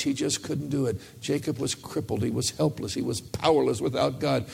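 A man's voice: fairly high pitch, darkish tone. A man preaching a sermon to his church in a conversational style, sometimes acting out the voices of people praying. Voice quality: gravelly. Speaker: pastor.

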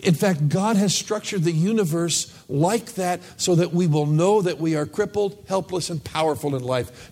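Gravelly-voiced man preaching a sermon. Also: on the high side, normal speed, hardly any pauses, a little mellow. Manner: conversational preaching that acts out voices of people praying. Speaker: pastor.

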